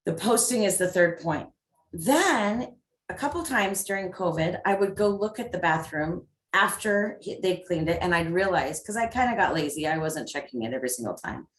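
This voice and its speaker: A woman's voice: fairly low pitch, animated, moderate pace. A middle-aged woman giving an upbeat parenting talk, full of acted examples. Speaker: parenting coach and presenter. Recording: echoey room.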